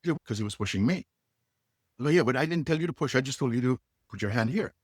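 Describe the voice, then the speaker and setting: A husky-voiced middle-aged man who tells stories with big swings in pitch, jumping between characters as he acts out each line. His voice is recorded close and dry, with no room sound around it. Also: fast talker, no room sound. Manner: acts out dialogue with lively inflection. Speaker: guest, leadership coach. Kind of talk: animated storytelling.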